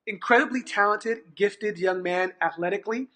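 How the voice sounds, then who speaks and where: The storyteller is a middle-aged man from California, USA, who runs an after-school program and appears as a guest. In a high-pitched voice at a moderate pace, he animatedly acts out quoted lines while restarting frequently in conversation.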